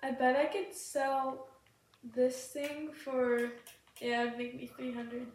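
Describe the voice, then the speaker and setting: A woman hosting a gaming podcast, chatting casually and excitably while she plays, giggling often and sounding sick. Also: high voice, slow. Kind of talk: casual gameplay chat. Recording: very echoey room, distant mic, faint hiss.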